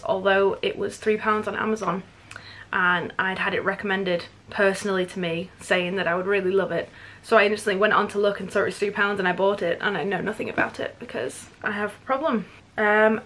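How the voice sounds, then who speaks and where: A woman's voice: mid-range voice, a bit bright. A woman in her twenties chatting enthusiastically about books she bought, gushing and chatty. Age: 20s. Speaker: book vlogger. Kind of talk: casual book haul vlog.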